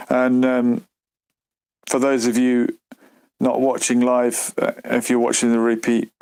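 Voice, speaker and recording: A man's voice: medium pitch, darkish tone. A man hosting a late-night live stream on his phone, talking loosely with frequent fillers and reading out viewer comments. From Britain.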